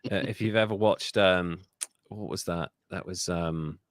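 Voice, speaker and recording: A man's voice: low-pitched, unhurried, no echo, clean studio sound. A man co-hosting a comedic history podcast, telling stories in casual chat, swearing freely and slipping into mock voices. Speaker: podcast co-host.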